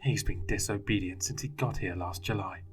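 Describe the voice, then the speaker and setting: A man's voice: lowish voice, normal speed, recorded from a distance, soft background music, lightly acted. A man voicing an eager, scornful foster mother who sneers at the boy. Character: cold, scornful foster mother, adult woman.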